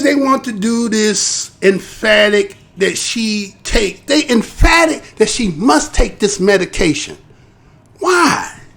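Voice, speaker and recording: American male host, high voice with gravel, chatty rhetorical commentary full of tag questions. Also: a bit bright, a little hiss or hum. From United States. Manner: conversational, rhetorical, tags points with "right?". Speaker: live show host. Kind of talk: casual commentary.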